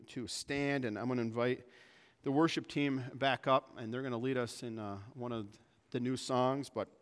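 An earnest man preaching to his congregation in a casual, conversational way. His voice sits at an ordinary middle pitch, and a long reverb trails each phrase through the church sanctuary. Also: smooth. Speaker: pastor. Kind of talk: sermon.

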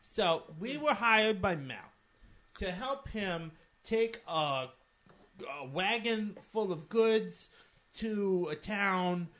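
Slow, halting tabletop player. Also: mid-range voice, animated, a bit bright. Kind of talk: in-character table talk.

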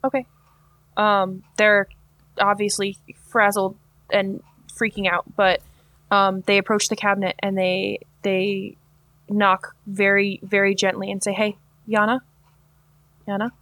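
A woman's voice: mid-range voice, completely flat delivery, unhurried, fairly bright tone, dry recording. A woman playing a tabletop game, speaking casually and hesitantly with many fillers. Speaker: player.

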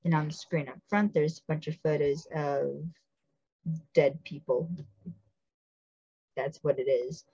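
Woman, low voice, husky, casual episode recap, acts out lines, dull lo-fi sound. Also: unhurried, pauses often, no echo. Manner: animated, acts out characters' lines. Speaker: podcast co-host recapping a TV episode. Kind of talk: casual chat.

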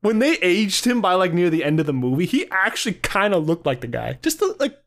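Man, podcast co-host, casual rambling chat, fairly high voice, very lively pitch. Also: fairly quick. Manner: animated, rambling, lots of fillers and laughter.

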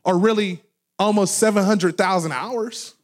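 A man in his thirties, a pastor preaching a sermon, loud and animated as he tells stories with laughs. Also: high voice, a little slow. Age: 30s. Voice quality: loud talker. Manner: animated storytelling with laughs and acted quotes. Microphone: handheld microphone held away from mouth.

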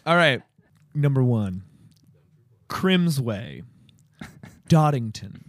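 A man's voice: mid-range voice, very animated, dry recording. A man hosting a casual podcast chat and playfully reading out a quiz game. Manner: playful, rapid-fire reading of lists.

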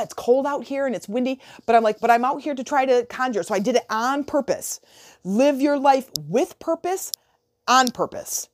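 A woman coaching her viewers in a chatty, animated motivational talk, often restarting phrases and acting out little dialogues. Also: mid-range voice.

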